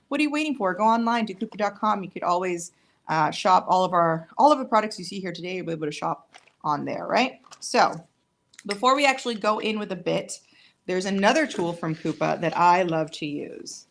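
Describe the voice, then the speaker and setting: Here a nail tech runs a casual live product demonstration, chatting as she uses her tools. Her voice is on the low side with vocal fry, and her manner is relaxed, a bit tired and self-mocking.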